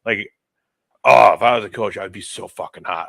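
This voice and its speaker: A man's voice: fairly low pitch, fairly quick, vocal fry, fairly bright tone, dry recording. A man co-hosting a podcast, blunt and profane in casual sports chat. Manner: profane, blunt, says dude a lot. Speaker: podcast co-host.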